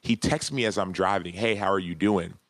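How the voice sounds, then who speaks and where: Deep-voiced man telling a heartfelt story. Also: fairly quick, fairly bright tone, no echo. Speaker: podcast guest. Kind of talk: casual interview storytelling.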